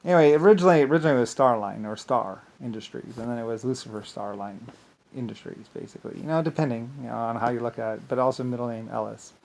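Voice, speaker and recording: A man with a gravelly, fry-heavy voice at an ordinary pitch, talking in an angry, rambling monologue. He restarts and repeats himself often, and his volume swings between loud bursts and low mutters. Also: fast. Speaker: vlogger.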